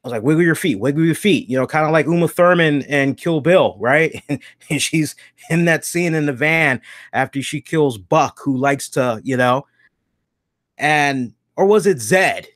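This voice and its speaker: A man's voice: on the high side, a little slow, fairly bright tone, no echo, clean studio sound. Rambling, swearing podcast storyteller, man. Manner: rambling, self-correcting, swears casually. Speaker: podcast co-host. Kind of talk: casual storytelling.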